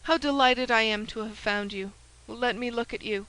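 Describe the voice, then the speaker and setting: A woman voicing a cunning, scheming woman who speaks with a smooth, falsely sweet warmth. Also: on the high side, normal speed, natural voice, rough recording.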